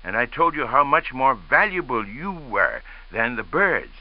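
A man reading aloud as a gentle, loving Jesus figure who asks tender, patient questions. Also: medium pitch, big pitch swings, unhurried, highs cut off.

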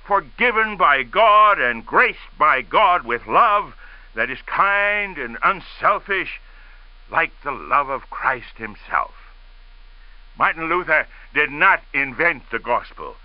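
A middle-aged man preaching a radio sermon with measured, earnest storytelling. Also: fairly high pitch, big pitch swings, no room sound, lo-fi sound.

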